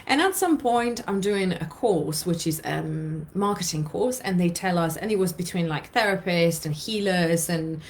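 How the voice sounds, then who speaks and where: A woman from Poland telling a personal story in a chatty way that circles back on itself, with a lot of fillers and repeats. Her voice sits a little low for a woman. She comes across as an emotional, open storyteller. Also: expressive, normal speed, few pauses, slight background noise. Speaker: hypnotherapist and podcast host. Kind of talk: personal storytelling, casual monologue.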